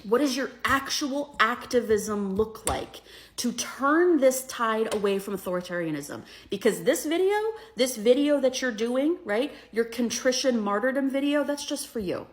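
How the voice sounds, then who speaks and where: A woman's voice: on the high side, lively intonation, moderate pace. A woman giving a heated commentary rant, indignant and rhetorical, tagging her points with questions. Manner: indignant, rhetorical, keeps asking "right?". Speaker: commentary creator.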